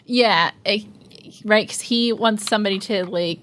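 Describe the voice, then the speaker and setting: A woman's voice: mid-range voice, a little slow, fairly bright tone. A woman co-hosting a reaction show who chats in an agreeable way and trails off mid-thought. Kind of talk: casual chat.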